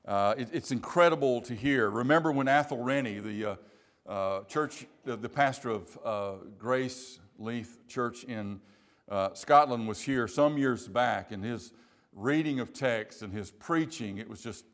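This is a sermon from a South Carolina pastor, a man with a medium-pitched voice. His pace is slow and deliberate, and he drives points home by repeating phrases with emphasis.

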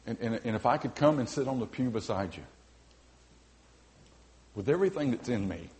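A man preaches as pastor in a church sanctuary. His voice sits at an average pitch. He pleads earnestly, swelling into fervent cries and then falling back to quiet, face-to-face appeals. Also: animated, moderate pace. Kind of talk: sermon.

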